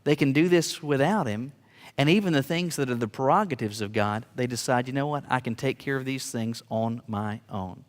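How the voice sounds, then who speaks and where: A man's voice: medium pitch, normal speed. A man preaching a sermon earnestly, with emphatic rising peaks and small stammered restarts. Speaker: pastor. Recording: long hall reverb.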